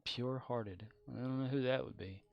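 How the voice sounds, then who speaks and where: A man's voice: mid-range voice, moderate pace, gravelly, dull audio, slight background noise. Man, young adult, livestream chatter, joking, rambling, plain mid voice. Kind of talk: casual livestream chat while gaming.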